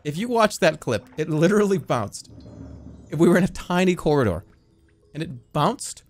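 A man with a high voice rambles casually to his live-stream chat from a desk mic, his pitch leaping all over. He is giggly and keeps cracking up into helpless laughter. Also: expressive, moderate pace.

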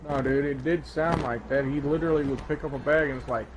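A man's voice: mid-range voice, steady tone, quick pace. A man playing a video game and commentating, sarcastic and ranting, swearing often. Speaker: gaming channel host. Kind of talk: casual gaming commentary.

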